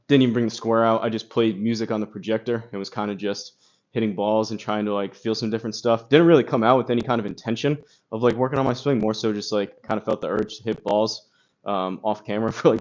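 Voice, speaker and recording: A man chats casually and fast on a golf live stream in a lowish, steady voice, filling his rambling with fillers and reading viewers' chat comments out loud. It's captured on a phone, with slightly dull, crackly audio.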